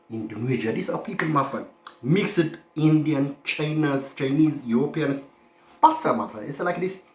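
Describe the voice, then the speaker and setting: A man's voice: medium pitch, slight background noise. A man from the Horn of Africa talking in a loose, rambling monologue, forever adding "my friend" and "okay?". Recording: roomy echo.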